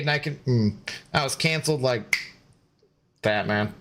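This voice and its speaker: A man's voice: mid-range voice, unhurried, pauses often, a bit bright. A man chatting casually on a gaming live stream, rambling, joking and answering chat.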